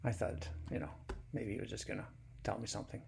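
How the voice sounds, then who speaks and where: A man with a low, gravelly voice tells a personal story in a plain, unhurried, folksy way. His delivery is simple and unpolished. A faint hiss sits in the background. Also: fairly even intonation.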